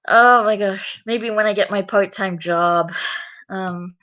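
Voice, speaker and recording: A woman's voice: mid-range voice, fairly even intonation, slow, a bit bright, dull audio. A young woman YouTuber chatting casually between read-aloud lines, laughing often and saying "like" a lot. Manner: chatty, laughs often, many filler likes. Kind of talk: casual read-along chat.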